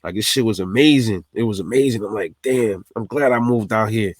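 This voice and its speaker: A man's voice: fairly low pitch, fairly quick, no room sound, clean studio sound. A man from New City, telling a personal story in a casual, streetwise, profane way. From New York City. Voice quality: streetwise, profane, animated retelling.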